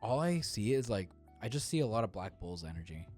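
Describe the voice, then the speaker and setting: A man co-hosting a casual podcast chat, relaxed, laughing often and trailing off mid-sentence. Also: lowish voice, brisk, faint music behind. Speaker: podcast co-host.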